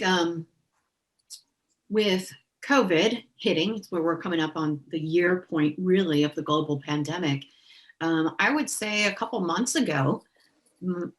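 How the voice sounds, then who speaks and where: A woman sharing a personal story in a group discussion, animated and acting out her own thoughts. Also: on the low side.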